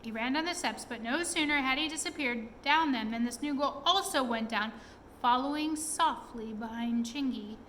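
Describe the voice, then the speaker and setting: High, bright-voiced woman storyteller. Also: normal speed, slight background noise, rough recording. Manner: expressive, asks listeners questions. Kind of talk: storybook read-aloud.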